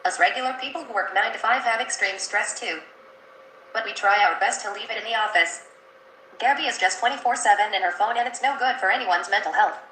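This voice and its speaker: A woman reading viewer comments aloud in an even, flat way. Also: mid-range voice, brisk, roomy sound, slight background noise, poor audio.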